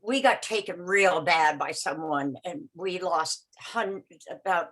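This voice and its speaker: On a video call, a woman in her sixties shares a personal story, rambling and halting with frequent restarts and repeated words, and she acts out the voices of the people involved. Her voice is lowish with a fairly bright tone, and the audio quality is poor.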